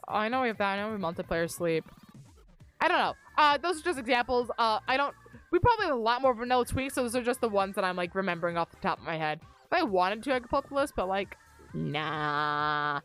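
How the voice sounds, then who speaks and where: A woman's voice: mid-range voice, lively intonation, fast talker, a bit bright, faint music behind. A young woman chatting casually and rambling on a gaming livestream from her upstairs bedroom, speaking into a desk mic on a mic arm. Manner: rambling, self-deprecating, chatty. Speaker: streamer.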